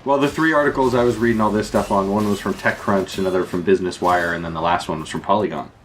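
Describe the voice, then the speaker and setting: Male co-host, lower voice, giggly and needling. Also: fairly even intonation, quick pace, slight background noise. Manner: laughs often, needling. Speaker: podcast co-host. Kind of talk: casual podcast chat.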